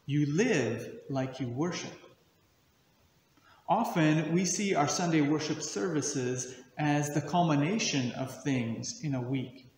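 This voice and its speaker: A man's voice: a little high, slow pace, darkish tone, slight background noise. A young adult man, a guest speaker who works as a missionary, giving a reflective, earnest sermon. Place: church service recording. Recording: echoey hall with long reverb.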